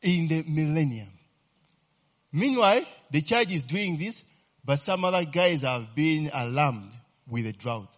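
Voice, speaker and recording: A man's voice: a little high, unhurried. A man preaching a sermon, constantly checking on his listeners with "eh?" and questions. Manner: lively, keeps checking the listeners with "eh?" and quizzing them.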